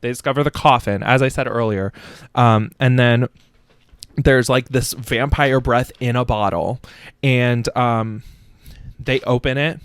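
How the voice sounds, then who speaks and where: A man's voice: medium pitch, steady tone, a little slow, smooth, no room sound, studio quality. A young adult man hosting a casual comedic book review podcast, rambling with profane, self-mocking asides. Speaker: podcast host.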